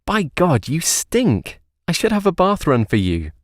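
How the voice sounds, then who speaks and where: A man's voice: a little high, wildly swooping pitch, unhurried, no room sound, clean studio sound, pitched above the performer's own voice, heavily acted. A man voicing an emotional, theatrical young woman who is affectionate but prone to hysterics. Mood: teasing.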